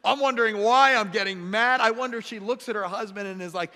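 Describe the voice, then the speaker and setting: A man preaching a sermon as pastor, animated and acting out the voices he quotes. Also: sits high, quick pace, few pauses. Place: church sanctuary. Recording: echoey church hall.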